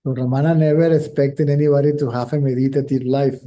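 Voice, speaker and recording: Mellow-voiced man giving a slow spiritual talk. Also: mid-range voice, fairly even intonation. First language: Spanish. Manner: slow, measured, repeats phrases while searching for words. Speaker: spiritual teacher.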